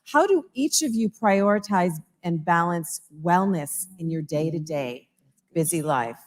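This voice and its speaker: A woman's voice: on the low side, lively intonation, measured pace. Chatty woman moderating a panel. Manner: chatty, laughs often. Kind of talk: live panel discussion. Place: event hall with audience.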